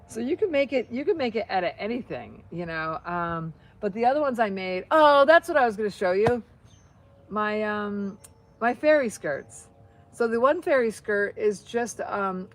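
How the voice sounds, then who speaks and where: A woman's voice: medium pitch, a little hiss or hum. A middle-aged American woman chatting casually to viewers while crafting, rambling, with many restarts. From United States. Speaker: vlogger.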